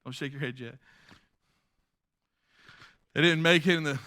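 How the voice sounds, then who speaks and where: A male pastor preaching a sermon in an animated way, swinging from loud bursts down to hushed asides. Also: fairly high pitch, unhurried.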